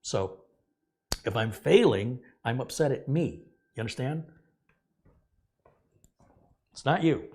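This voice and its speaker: Slow, with long pauses, this middle-aged tech host runs a casual computer repair tutorial in a medium-pitched, slightly mellow voice with lively intonation. He talks earnestly and rambles as he corrects himself.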